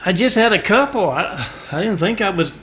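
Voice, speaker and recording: A man's voice: sits high, expressive, moderate pace, a little hiss or hum, voice pushed up. A man voicing an injured man on a stretcher, urgently pleading, on a dull phone recording.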